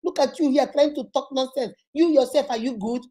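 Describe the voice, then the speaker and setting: Scornful husband, Nigerian accent, scolding, pitched up, as a woman puts him on. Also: fairly quick, mellow, close to an everyday voice. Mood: mocking. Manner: mocking, scolding. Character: belittling husband, dismissive and scornful.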